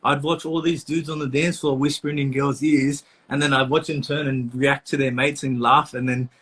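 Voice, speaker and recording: A man's voice: mid-range voice, level tone, moderate pace, fairly bright tone, breathy edge. A young man, a tattoo artist talking in a laid-back way, full of "like" and swearing. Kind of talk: casual chat.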